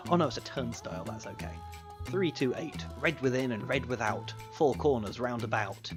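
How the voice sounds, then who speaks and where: Man, mid-pitched, reads rhymes with deadpan jokes over clear background music. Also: moderate pace. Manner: dry, sardonic asides. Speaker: host reading from an old book. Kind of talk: reading rhymes aloud with commentary.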